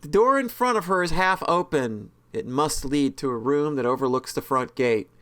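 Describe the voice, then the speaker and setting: A man's voice: fairly high pitch, animated, normal speed, fairly bright tone, smooth. A man reading a horror visual novel's narration aloud with casual, joking asides and frequent self-corrections. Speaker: let's-play host reading a visual novel.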